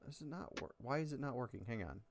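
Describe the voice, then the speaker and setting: A man hosting a stream, chatting casually in a rambling, self-correcting way and joking about his low viewer count. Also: animated, quick pace, dry recording. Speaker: stream host. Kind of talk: casual chat.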